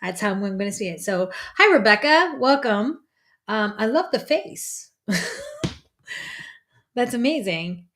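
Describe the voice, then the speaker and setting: A woman's voice: fairly high pitch, sing-song, slow, pauses often, fairly bright tone. A woman, a psychic medium, hosting a casual livestream in a chatty, rambling way and greeting viewers by name.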